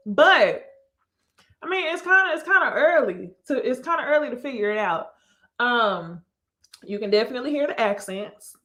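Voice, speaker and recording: A woman's voice: on the high side, expressive, normal speed, pushed and bright. A woman from Texas with a slight Texas accent, hosting a casual live stream on her channel, chatting to viewers and laughing often. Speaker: YouTube host.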